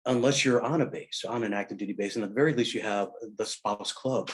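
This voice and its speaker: A middle-aged military veteran chats casually, his fairly low voice rambling through anecdotes. He tells his stories haltingly, full of fillers and false starts.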